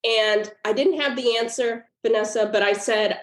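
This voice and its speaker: A woman's voice: fairly high pitch, normal speed. A woman guest author telling a personal story in a podcast interview, earnest and emotional. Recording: roomy echo.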